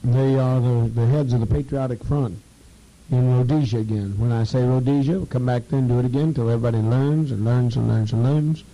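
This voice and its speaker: A man leading a program and addressing a group informally, halting and repeating words for emphasis. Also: medium pitch, fairly even intonation, mellow, muffled recording.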